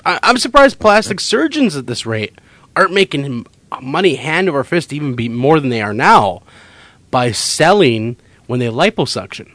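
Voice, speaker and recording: Animated, joking radio host man. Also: mid-range voice, dry recording. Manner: laughing, joking, quick to react. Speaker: radio talk show host. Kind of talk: casual studio banter.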